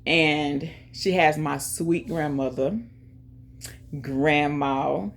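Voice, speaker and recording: A woman hosting her own channel, chatting casually and directly to viewers, giving shout-outs and talking about faith. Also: low-pitched, steady tone, drawn-out words, slight background noise. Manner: chatty, talks straight to viewers with lots of "y'all". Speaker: YouTube channel host. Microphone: earphones in, music playing in her ear.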